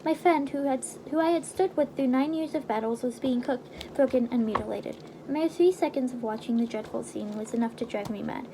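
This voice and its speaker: A woman reads a novel aloud in a high, bright register, casual and unpolished, tripping over words and restarting. A faint hiss of noise sits behind her voice. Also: a little fast, few pauses. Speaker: reader. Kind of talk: reading a game novelization aloud.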